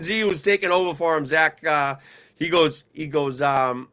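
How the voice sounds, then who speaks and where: Bright-toned man telling stories. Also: a little high, moderate pace. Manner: storytelling, animated when quoting others. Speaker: hockey referee supervisor and podcast co-host. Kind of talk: casual podcast chat.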